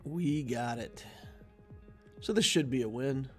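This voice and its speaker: A man casually commentating his game while chatting with viewers, laughing easily and drifting into stories. His voice sits at an ordinary middle pitch. Soft music plays faintly behind him. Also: slow. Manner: chatty, laughs often, storytelling asides. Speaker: gaming streamer. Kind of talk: casual gameplay commentary and chat.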